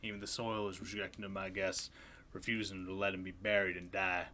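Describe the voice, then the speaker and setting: A man reading aloud as a frightened, uneducated farmer writing a diary, in rough folksy grammar and a grim tone. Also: low-pitched, little pitch movement, fairly quick, bright, forceful tone, a little hiss or hum.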